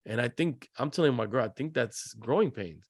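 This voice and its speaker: A man co-hosting a podcast, animated and acting out his kids' voices as he tells family stories. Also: mid-range voice, normal speed, gravelly, breathy edge, no echo, clean studio sound. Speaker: podcast co-host. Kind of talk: casual chat.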